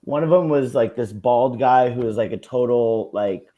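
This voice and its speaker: A man's voice: medium pitch, normal speed, highs cut off. Easygoing man rambling through a story. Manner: loose and hesitant, many fillers, teasing. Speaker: podcast co-host. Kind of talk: casual storytelling chat.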